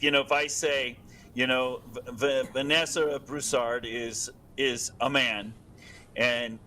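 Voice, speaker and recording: A man's voice: medium pitch, bright, forceful tone, slight background noise, poor audio. A man as a guest expert, explaining points with stammering restarts. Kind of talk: casual interview.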